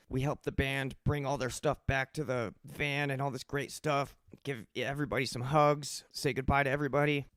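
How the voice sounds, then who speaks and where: A young man from Colorado rambles through his own story on a podcast, animated and loose, slipping into the voices of the people he meets. His voice sits at an everyday middle pitch. The sound is dry and close, with no room echo. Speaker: podcast host telling his recovery story. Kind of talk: casual storytelling monologue.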